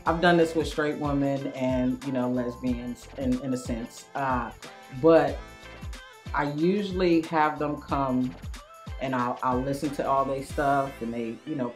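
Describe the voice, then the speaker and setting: A woman giving casual comedic commentary to camera, telling animated stories, acting out the quotes and laughing often. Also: deep voice. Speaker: cast member.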